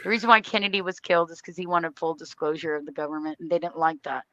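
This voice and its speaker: A woman's voice: sits low, steady tone, fast talker, fairly bright tone, no echo, dull audio. An American woman hosting a livestream, delivering a heated, profane political rant with blunt emphasis. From United States. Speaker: livestream host.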